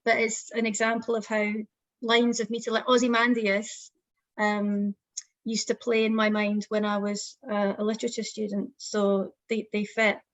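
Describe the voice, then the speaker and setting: A woman's voice: mid-range voice, completely flat delivery, moderate pace, no echo, poor audio. A young adult woman poet, speaking as a guest in an online festival interview, thoughtful and a little hesitant.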